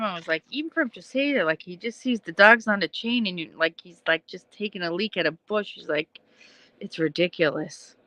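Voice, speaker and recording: A woman's voice: lowish voice, a bit bright, dry recording, low-quality recording. A woman hosting a casual livestream, rambling chattily at night from home and answering viewers' comments. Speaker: livestream host.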